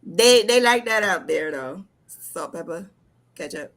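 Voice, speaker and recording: New jersey woman hosting a video call chat, super animated, bright punchy voice. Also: fairly low pitch, a little slow, a little hiss or hum. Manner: animated, laughs often, emphatic. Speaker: host.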